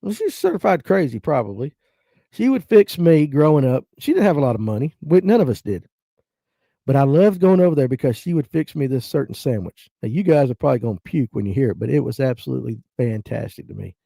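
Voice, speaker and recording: A man's voice: mid-range voice, big pitch swings, quick pace, creaky, dark tone, no echo, clean studio sound. A man in his fifties with a North Georgia Southern accent, hosting a casual livestream chat, reading viewer comments and telling folksy family stories. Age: 50s. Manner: folksy storytelling, acts out relatives' voices. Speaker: livestream host.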